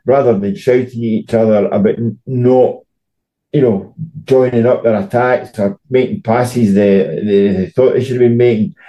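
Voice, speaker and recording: A man's voice: fairly low pitch, warm tone, low-quality recording. A middle-aged Scottish man, a football journalist co-hosting a podcast, chatting casually and telling stories with many restarts. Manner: storytelling, repeats words when starting sentences.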